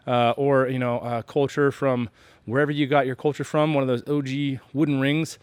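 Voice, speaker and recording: Smooth and medium-pitched, this man from the United States runs a homebrewing channel, captured in a dry recording. He explains in a loose, rambling way, full of fillers and jokes at his own expense.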